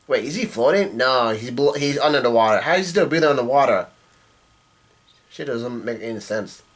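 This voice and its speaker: A man's voice: mid-range voice, animated, fairly quick. A man casually reading comic dialogue aloud and breaking in with profane asides. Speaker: manga reaction youtuber.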